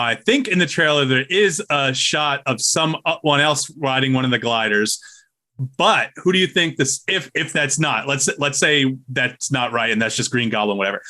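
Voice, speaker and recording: A man's voice: medium pitch, sharp tone. A man co-hosting a podcast in casual chat, teasing his co-host and asking questions. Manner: laughing, teasing, asks questions.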